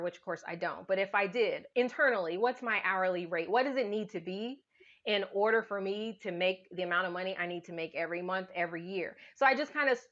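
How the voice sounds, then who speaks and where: A woman's voice: medium pitch, bright, forceful tone. A woman guest on a podcast, her voice coming through muffled and lo-fi. She walks through her reasoning carefully, step by step, with plenty of "you know"s. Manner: thoughtful, explains step by step with fillers. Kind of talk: casual interview chat. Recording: dull, muffled sound.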